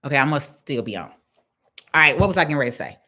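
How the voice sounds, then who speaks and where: A woman's voice: low-pitched, animated, racing, bright, forceful tone. A woman with a Chicago accent giving a casual, preachy pep talk on a live stream to her followers, repeating her points for emphasis. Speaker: small business owner speaking live to followers.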